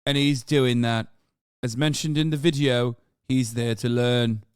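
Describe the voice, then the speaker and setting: Sarcastic sweary streamer, smooth voice. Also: male voice, mid-range voice, fairly even intonation, measured pace, dry recording, clean studio sound. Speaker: streamer host. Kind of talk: casual stream commentary.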